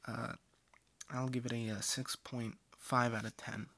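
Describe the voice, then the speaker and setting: A man hosting a casual comic-strip review show, speaking in a dry, offhand way with frequent pauses. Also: medium pitch, flat delivery, fairly bright tone.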